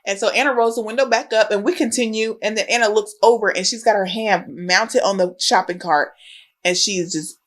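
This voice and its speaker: Pregnant woman telling an animated story. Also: mid-range voice, brisk. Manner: animated storyteller acting out quoted voices. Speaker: podcast co-host. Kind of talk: casual chat, storytelling.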